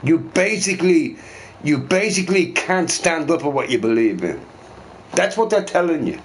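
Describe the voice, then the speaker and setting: A man's voice: on the high side, very animated, normal speed, slight background noise, rough recording. A drunk Irish man with a Dublin accent ranting in a heated, profane monologue and repeating himself. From Ireland.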